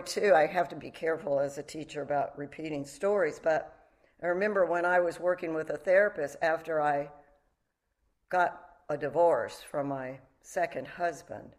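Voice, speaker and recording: A middle-aged woman giving a meditation talk, reflective and candid, mixing teaching with personal stories. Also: fairly low pitch. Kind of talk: dharma talk.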